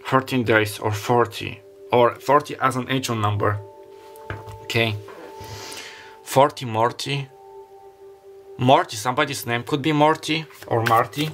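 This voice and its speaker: A man's voice: mid-range voice, steady tone, a little slow, long pauses, fairly bright tone, soft background music. A man giving a casual tarot reading, rambling and free-associating as he lays out the cards. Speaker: tarot reader.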